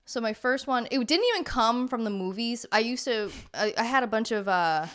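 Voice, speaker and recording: A woman's voice: on the high side, moderate pace. Chatty young woman podcast co-host. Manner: chatty, animated storytelling with many fillers. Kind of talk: casual chat.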